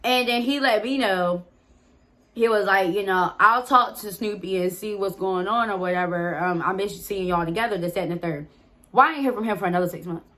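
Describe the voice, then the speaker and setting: A woman's voice: mid-range voice, a little fast, a bit bright. A woman vlogger telling a personal story to her viewers in a casual, candid way, swearing freely and talking straight to them.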